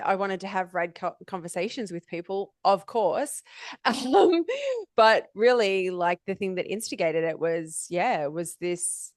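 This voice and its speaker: A woman's voice: lowish voice, no room sound, studio quality. A woman podcast host talking enthusiastically about spirituality in a casual interview over a video call, laughing often.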